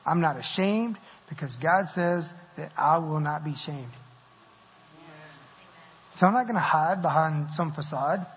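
A preacher with a husky, higher-pitched male voice gives a chatty, self-mocking sermon in a church sanctuary, keeping a measured pace with frequent pauses and plenty of laughter. The recording sounds muffled and carries a long hall reverb.

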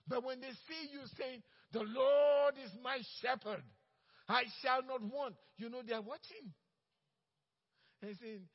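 A high-voiced man preaches in a church, his words ringing with a long hall reverb. He acts out coworkers and swings between bold, loud declarations and quiet, hushed asides. The sound is muffled and slightly lo-fi. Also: husky. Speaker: pastor. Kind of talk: sermon. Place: church sanctuary.

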